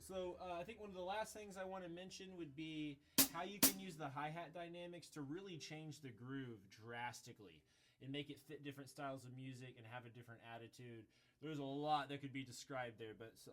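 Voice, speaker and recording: Relaxed man teaching drums. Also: mid-range voice. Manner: relaxed, explanatory, loose with self-corrections. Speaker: drum teacher. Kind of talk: casual video lesson. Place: music school room. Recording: voice between loud drum playing. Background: drum kit playing.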